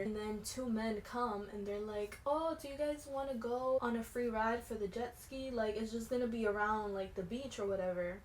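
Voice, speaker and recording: A young woman recounting a story straight to camera, her voice bright and forceful. She talks in loose, slangy chat, sinking to near whispers and then bursting up loud. The room echoes and a faint hiss runs underneath. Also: medium pitch. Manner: animated, swings from hushed to shouting. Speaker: vlogger. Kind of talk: storytime vlog.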